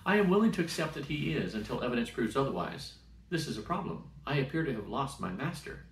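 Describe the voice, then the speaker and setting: A man's voice: mid-range voice, very animated, fast, voice pushed up, close to an everyday voice. A man reading aloud and voicing a polite, literal-minded starship AI in a formal, precise and fretful manner. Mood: worried. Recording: roomy sound from a distant mic.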